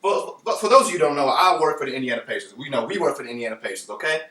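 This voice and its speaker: A man hosting a casual sports podcast, talking in an animated, playful way and speaking straight to his listeners. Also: medium pitch, very fast, recorded from a distance. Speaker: podcast host. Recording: roomy echo, voice from off the mic.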